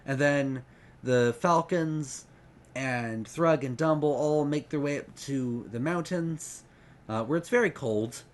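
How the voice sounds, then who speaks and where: A man's voice: a little high, takes it slowly. Rambling, hesitant man reviewing a book. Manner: rambling, hesitant, many ums. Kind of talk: casual book retrospective.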